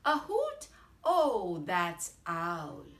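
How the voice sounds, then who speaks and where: A woman voicing a tiny, clever and boastful mouse with a squeaky, excited, teasing manner. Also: drawn-out words, exaggerated voice. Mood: cheeky. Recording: echoey room.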